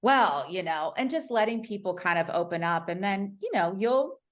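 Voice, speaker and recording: A woman's voice: mid-range voice, lively intonation, brisk. A woman author speaking as a podcast guest, earnest and encouraging, often restarting her sentences. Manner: earnest, warm encouragement, many restarts and "you know". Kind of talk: casual interview chat.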